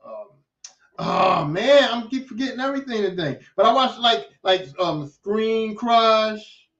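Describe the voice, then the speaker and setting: A man with a high voice hosts a podcast in an animated, casual rant, swearing freely and hammering points home through repetition. He sounds set back from the mic in an echoey room. The recording is dull and lo-fi. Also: unhurried, far from the mic. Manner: animated, swearing, repeats phrases for emphasis. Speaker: podcast host. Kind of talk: casual opinion monologue.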